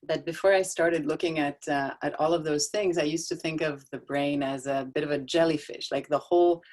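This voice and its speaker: A middle-aged woman with a notably low voice talks about parenting over a video call. She tells stories conversationally, laughing often and restarting her sentences. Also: fairly even intonation, normal speed, darkish tone. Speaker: guest speaker on child development. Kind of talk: casual talk on a video call. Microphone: video call microphone.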